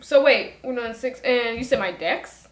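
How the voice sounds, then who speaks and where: A woman's voice: a little high, normal speed. A tipsy woman playing a tabletop game, giggly and loose as she tallies her rolls. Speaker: player. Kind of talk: casual tabletop game chat. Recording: echoey room.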